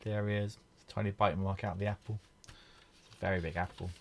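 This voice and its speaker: Male picture-book reader, low and gravelly, gentle, points out the pictures. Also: level tone, fairly quick. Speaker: storybook reader. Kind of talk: children's picture book reading.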